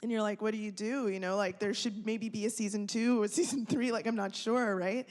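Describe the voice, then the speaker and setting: A woman's voice: mid-range voice, steady tone, fairly quick, darkish tone. A woman filmmaker answering a question on a panel, reflective and candid, often searching for words. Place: museum auditorium. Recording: reverberant auditorium.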